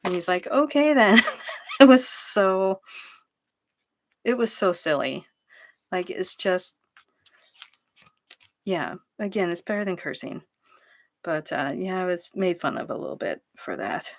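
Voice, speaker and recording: A woman's voice: lowish voice, expressive, unhurried, pauses often. A middle-aged woman hosting a craft video, chatting casually and laughing at herself while she works at home. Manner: chatty and self-deprecating, laughs often. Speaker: craft channel host.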